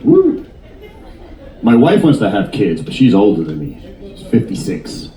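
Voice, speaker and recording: A man's voice: fairly low pitch, a little slow, far from the mic, slight background noise. Stand-up comic, man, 50s, teasing crowd work, roomy off-mic sound. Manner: animated, jokey, teasing the audience. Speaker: stand-up comedian. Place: cruise ship theater.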